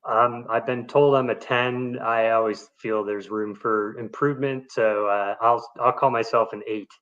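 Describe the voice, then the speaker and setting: A man's voice: medium pitch, fairly even intonation, measured pace, a bit bright. Dry-humored man guest, dull video-call sound. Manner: brief, dry, understated answers. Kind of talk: casual live stream interview.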